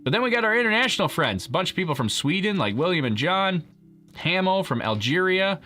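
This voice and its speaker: A man's voice: high-pitched, sing-song, a little fast, sharp tone, soft background music. A man hosting a live stream, chatting casually with viewers, joking and laughing often. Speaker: livestream host.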